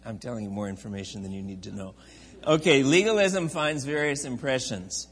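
A man teaches a church Bible class in a loose, conversational way, wandering into asides and restarting his sentences. His voice is a little husky. It rings with the long reverb of a large hall. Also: mid-range voice, lively intonation, brisk, a bit bright. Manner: chatty, digressive, with many restarts and asides.

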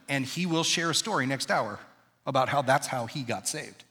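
Man in his thirties, pastor, chatty sermon, asks the room questions, bright voice, long hall reverb. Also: mid-range voice, lively intonation, moderate pace. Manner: conversational, quizzes the congregation. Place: large church auditorium.

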